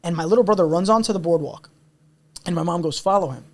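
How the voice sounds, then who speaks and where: A man's voice: high voice, fast. A young man telling a personal story in a candid, intense, earnest way, as a podcast guest. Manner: intense, earnest, repeats himself.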